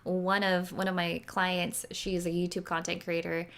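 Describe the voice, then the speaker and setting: A woman chatting casually as a guest expert on a live stream, animated and playful, acting out little voices in her stories. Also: lowish voice, normal speed.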